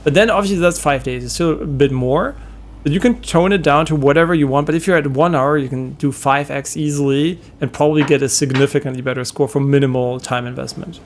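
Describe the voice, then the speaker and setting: Another young man streams a game while chatting in a loose, rambling way, full of fillers and frequent laughter. He speaks on the high side and a little fast, with slight background noise.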